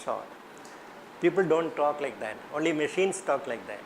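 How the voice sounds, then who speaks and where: A man's voice: a little high, lively intonation, moderate pace, slight background noise, rough recording. A man with an Indian English accent leading a teacher workshop, questioning the class and repeating his points. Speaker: teacher trainer.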